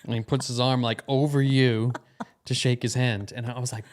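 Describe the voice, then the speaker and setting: A man's voice: medium pitch, normal speed. A man co-hosting a podcast, animatedly telling a story with frequent laughs and quoted lines. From United States. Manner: animated storytelling, laughing often, quoting people. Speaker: podcast co-host. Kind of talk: casual chat.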